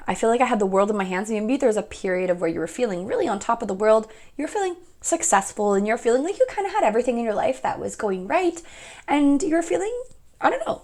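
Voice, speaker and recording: A woman's voice: mid-range voice, a little mellow. A young woman giving a casual pick-a-card tarot reading, chatty and rambling, often laughing at herself.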